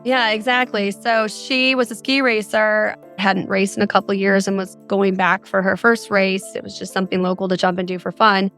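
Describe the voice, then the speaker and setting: A woman's voice: medium pitch, little pitch movement, moderate pace, few pauses, a bit bright, soft background music. A middle-aged woman from Arizona, a mother of four, earnestly recounting a frightening experience as a guest on a podcast. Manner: earnest, detailed storytelling.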